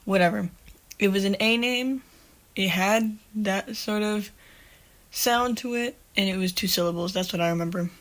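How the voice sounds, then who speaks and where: A woman's voice: medium pitch, normal speed. A woman hosting a podcast, casually telling a long story and often stopping to correct herself, with plenty of swearing. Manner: rambling, self-correcting, swears freely. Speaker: podcast host.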